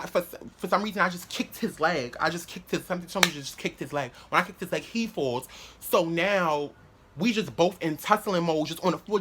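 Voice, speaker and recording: A man's voice: high-pitched, slight background noise. Slangy, profane young man. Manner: animated, slangy, profane, rambling with restarts. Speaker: vlogger. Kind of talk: casual storytelling to camera.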